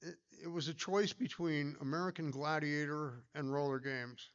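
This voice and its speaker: A man's voice: fairly high pitch, fairly even intonation, normal speed, a bit bright, clean tone, highs cut off. An older man giving a casual conference talk about his career, rambling through anecdotes with many fillers and restarts. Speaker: pinball designer giving a talk.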